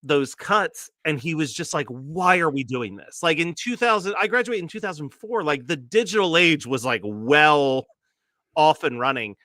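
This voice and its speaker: A man in his late thirties co-hosts a casual chat. His voice sits a little high and sounds bright. He rambles through a story with many fillers, and the room sounds dry. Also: expressive, moderate pace, dry recording. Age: late 30s. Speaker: co-host.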